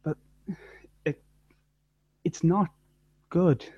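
A man's voice: on the high side, fairly even intonation, drawn-out words, husky, no room sound. A man co-hosting a casual chat, rambling dryly with lots of fillers and trailing off. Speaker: podcast co-host. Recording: dry, dull lo-fi mic.

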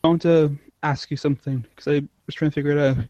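A man's voice: on the high side, steady tone, quick pace, mellow, no room sound, highs cut off. A man co-hosting a casual chat, rambling and often trailing off mid-thought. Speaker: podcast co-host. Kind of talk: casual chat reviewing an episode.

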